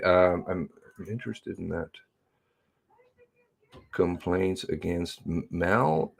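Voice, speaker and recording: Male streamer, lowish voice, unhurried, sardonic, reads chat aloud. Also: vocal fry. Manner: drawling, sardonic, greets viewers by name. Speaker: livestream host reading chat. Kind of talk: casual livestream chat.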